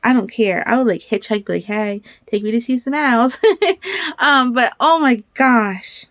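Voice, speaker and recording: Excitable rambling woman, dry close sound. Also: on the high side, unhurried, no room sound. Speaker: crafter vlogger. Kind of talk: casual rambling chat.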